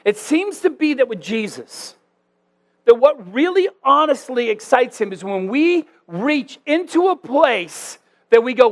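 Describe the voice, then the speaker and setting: A man preaching a sermon as a church pastor, conversational and animated, with self-deprecating asides. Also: extremely high pitch.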